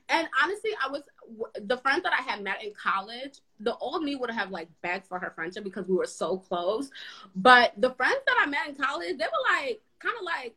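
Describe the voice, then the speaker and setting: A woman's voice: sits high, big pitch swings, a little fast, sharp tone, slightly rough, poor audio. A young woman telling a story in casual chat, acting out the people she quotes.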